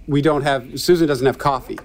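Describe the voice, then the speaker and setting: A man co-hosting a podcast, speaking casually. He pauses often and restarts his sentences as he talks. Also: mid-range voice, steady tone. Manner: hesitant, many restarts. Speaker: podcast co-host. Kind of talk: casual chat.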